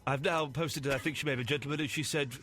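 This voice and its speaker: Rambling deadpan radio host. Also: male voice, fairly high pitch, racing. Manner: rambling, deadpan, self-interrupting. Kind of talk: comic radio banter.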